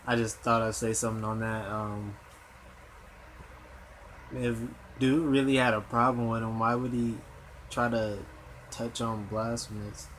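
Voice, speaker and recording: A man comments on a clip, thinking aloud in a hesitant way. He talks very slowly, with a faint hum of room ambience behind him. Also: medium pitch, little pitch movement, a bit bright, poor audio. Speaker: host reacting to a clip. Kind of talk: casual reaction commentary.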